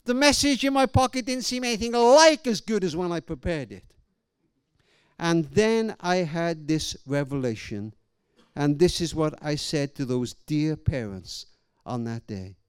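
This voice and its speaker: A middle-aged man preaching a sermon, telling stories and swinging between raised and hushed delivery. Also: fairly high pitch, animated, a little slow, smooth, dry recording. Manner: storytelling, swings from loud to hushed. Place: church hall or event venue.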